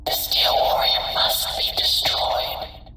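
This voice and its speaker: A slow, airy, ghostly whispering entity. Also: bright, forceful tone. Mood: ominous. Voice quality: whispered, unvoiced. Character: ghostly possessed girl entity, ominous. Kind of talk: whispered game dialogue clip. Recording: distant whisper over music.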